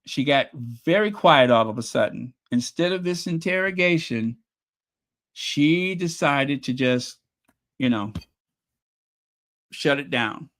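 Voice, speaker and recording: Slow-talking man recapping a show. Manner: animated storytelling, acts out quotes with rising pitch. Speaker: show reviewer. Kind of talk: casual recap commentary.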